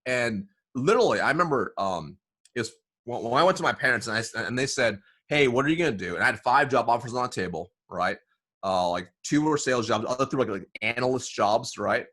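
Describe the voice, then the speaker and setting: A man being interviewed as a sales consultant, telling stories in a lively way, often saying "right?" and acting out bits of dialogue. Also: mid-range voice, a little fast. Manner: animated, says "right?" often, acts out dialogue. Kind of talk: casual interview storytelling.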